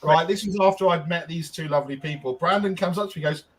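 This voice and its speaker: A man's voice: on the high side, fast, low-quality recording. A man co-hosting a podcast, telling a long casual story with lots of ums and restarts. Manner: rambling, frequent ums and restarts. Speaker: podcast co-host.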